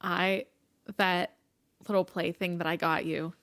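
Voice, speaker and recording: A woman's voice: on the low side, flat delivery, measured pace, a bit bright. A woman co-host chats casually on a podcast. She laughs along with her partner, answers with short reactions, and retells her own messages. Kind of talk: casual chat.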